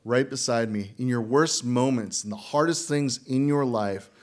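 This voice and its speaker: A man preaching as pastor, talking to the congregation in a casual, conversational way and asking them questions. He sometimes acts out panicked figures from the story in a strained high voice. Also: normal speed, a little mellow. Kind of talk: sermon.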